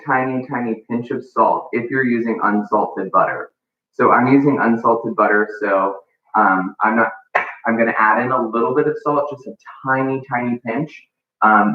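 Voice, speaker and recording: A man giving a live baking lesson in a casual, chatty way, full of ums and likes, in what sounds like a home kitchen. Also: medium pitch. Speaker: baking instructor. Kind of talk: live cooking demonstration. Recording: echoey room, far from mic, phone-like sound.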